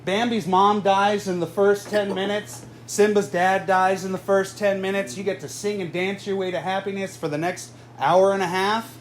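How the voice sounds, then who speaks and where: High-voiced male stand-up comedian. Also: moderate pace, hardly any pauses. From Southern California. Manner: deadpan, self-mocking delivery. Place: live comedy venue with audience. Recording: noisy live room ambience. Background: audience laughter.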